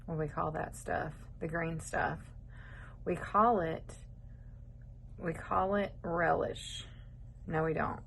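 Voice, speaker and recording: Cooking vlogger, woman, middle-aged, lower voice, meandering chatty delivery. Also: gravelly, a little hiss or hum, low-quality recording. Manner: chatty, rambling, wanders off topic. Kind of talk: casual cooking chat. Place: home kitchen.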